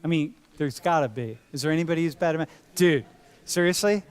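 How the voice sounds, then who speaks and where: A university professor lectures in a large hall, his voice a little high and a touch fast. He keeps things casual and playful, addressing students as dude and bro.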